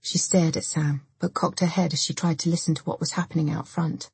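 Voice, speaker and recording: A woman with a low, very breathy and husky voice tells a dark story in a steady, measured way. The sound is close and dry, with no room echo at all. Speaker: audiobook narrator. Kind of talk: scripted narration.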